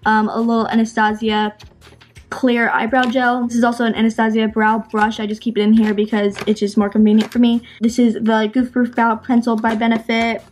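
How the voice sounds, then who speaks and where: A woman's voice: fairly high pitch, slight background noise. A teenage girl giving a casual, rambling tour of her makeup collection, her throat tired and strained from talking. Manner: chatty, rambling, with many ums and self-corrections. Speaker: beauty vlogger.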